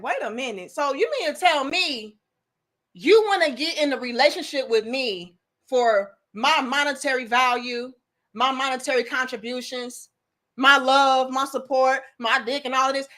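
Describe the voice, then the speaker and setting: A woman's voice: high-pitched, sharp tone. A young adult woman hosting a commentary talk, ranting bluntly and profanely in a preachy way. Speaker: commentary host.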